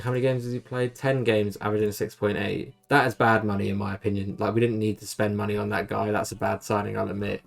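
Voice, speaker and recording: A man's voice: fairly low pitch, gravelly. A young man giving casual, rambling and self-deprecating commentary on his football management game save. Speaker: gaming YouTuber.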